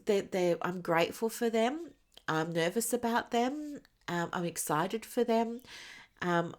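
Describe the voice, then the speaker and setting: A woman hosting a solo podcast as a business coach, chatting casually with many fillers and small laughs, and she has the hiccups. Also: lowish voice. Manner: chatty and warm, with frequent fillers and little laughs.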